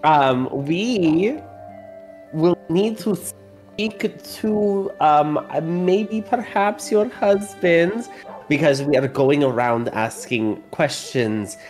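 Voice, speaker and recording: A player doing a slow, earnest adventurer. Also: medium pitch, darkish tone, soft background music. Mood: polite. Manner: speaks of self in third person, broken grammar. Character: earnest adventurer with ears, broken speech.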